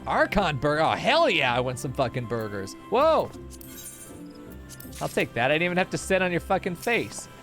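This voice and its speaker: A man's voice: fairly high pitch, big pitch swings, fast, few pauses, a bit bright. A man streaming a game, joking and swearing freely as he chats with his viewers. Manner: profane, joking, talks to chat. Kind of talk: casual live-stream chatter. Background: game music.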